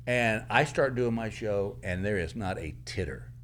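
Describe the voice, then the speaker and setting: A man's voice: on the low side, unhurried, slight background noise. A man from Texas, a stand-up comedian guest telling anecdotes in a studio and acting out the people in his stories. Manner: animated storyteller who acts out the people in his stories. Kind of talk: anecdotal storytelling.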